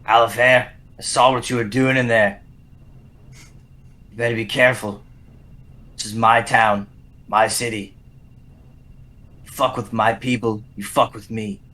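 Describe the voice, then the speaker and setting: A man's voice: fairly low pitch, steady tone, a little slow, pauses often, natural voice. A man playing a stern dwarf hunter. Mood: threatening. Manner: blunt, threatening.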